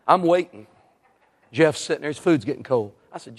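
Male evangelist, lively storytelling sermon, slightly high voice, long hall reverb. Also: moderate pace, slightly rough. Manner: animated, acts out the people in his story.

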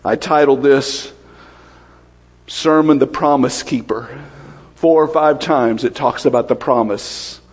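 A man preaching a sermon, quick-fire and lively, often asking questions of the congregation. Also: mid-range voice, slightly rough, long reverb tail.

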